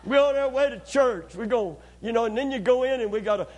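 A man preaching a sermon, acting out scenes as he goes and swinging between loud, excited bursts and hushed, low passages. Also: fast talker.

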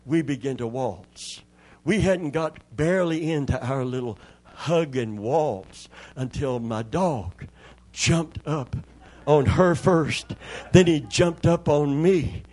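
A man's voice: a little high, slow pace, a little mellow. An older man, a pastor preaching a Pentecostal sermon in a church, joking in a folksy way and calling on the congregation for amens.

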